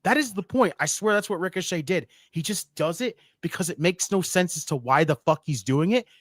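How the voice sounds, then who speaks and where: A man's voice: sits high, brisk, dry recording. Hyped up guy talking wrestling, swears a lot, voice jumps all over, dry close mic. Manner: excitable, profane, repeats himself for emphasis. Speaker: podcast co-host. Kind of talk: casual wrestling chat.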